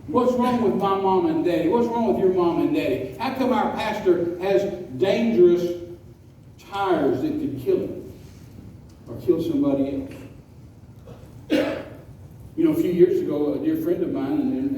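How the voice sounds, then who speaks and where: A man preaching a folksy storytelling sermon, slowing down to stress key words. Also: on the high side, mellow. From West Texas. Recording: echoey hall, distant mic, faint noise.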